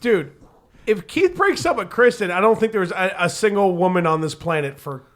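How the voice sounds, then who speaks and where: A tipsy man hosting a podcast at a house party, loud, joking and teasing the others. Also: sits high, expressive, moderate pace. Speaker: podcast host. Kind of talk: drunk casual chat.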